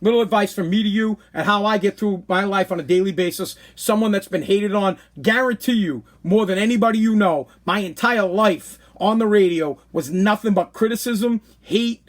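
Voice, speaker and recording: High-voiced blunt man ranting on a podcast. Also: normal speed, few pauses. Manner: animated, blunt, preachy advice with many repetitions. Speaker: podcast host. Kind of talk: casual livestream monologue.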